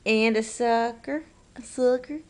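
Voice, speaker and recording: A woman's voice: a little high, fairly even intonation, slow, darkish tone. A woman filming her toddler at home on a camera's built-in mic, coaxing her in sing-song baby talk and scolding her now and then. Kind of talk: home video, talking to a toddler.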